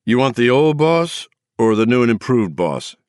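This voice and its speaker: A man's voice: medium pitch, big pitch swings, normal speed, a little mellow, no echo, clean studio sound, voice pushed up, close to an everyday voice. A man voicing a drunk, sarcastic man on the phone in an audiobook. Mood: mocking. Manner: slurring, sarcastic.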